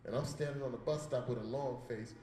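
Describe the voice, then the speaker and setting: A man performs stand-up at a comedy show in an art gallery, telling stories on a handheld mic in a laid-back, profane way and voicing the characters. His mid-range voice is brisk and mellow. Recorded from a distance in an echoey room, the low-quality audio carries a little hiss or hum.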